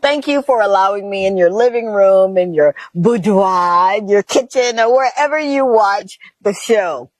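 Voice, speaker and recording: A woman's voice: mid-range voice, expressive, a little slow, few pauses, dry recording, poor audio. A woman, hosting a talk show in an effusive, chatty way and laughing often. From Mississippi, USA.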